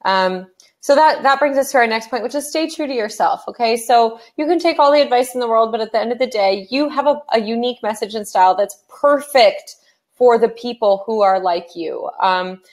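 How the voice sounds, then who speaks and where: A woman's voice: fairly high pitch, brisk, a little mellow. A woman with a Southern Californian accent co-presenting a casual webinar, upbeat and coaching, talking to listeners as "you guys", on a webcam mic.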